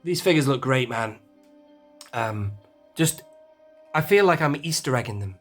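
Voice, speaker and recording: A man's voice: medium pitch, lively intonation, a little slow, soft background music. A man, casually touring his toy collection shelves in a chatty, self-deprecating way. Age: 40s. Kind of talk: casual shelf tour.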